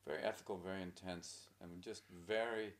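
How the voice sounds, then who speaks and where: A man in his sixties, a guest in a casual interview, rambling and joking, slipping into quick little voices as he tells stories. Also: deep voice, steady tone. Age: 60s.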